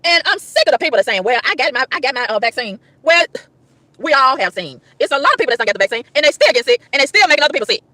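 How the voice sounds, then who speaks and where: A woman's voice: high voice, very animated, very fast, bright, forceful tone, dry recording. A woman vlogger telling an exasperated story, exclaiming and repeating lines for emphasis, recorded in a car. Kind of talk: animated storytelling rant.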